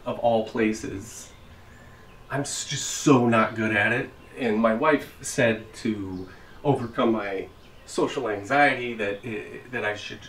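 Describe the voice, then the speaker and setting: Actor as an awkward, stammering park dad, recorded from a distance in a roomy space with faint noise. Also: male voice, on the low side, a bit bright. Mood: sheepish. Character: socially anxious park dad posing as a celebrity. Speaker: father at a playground. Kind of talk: comic monologue.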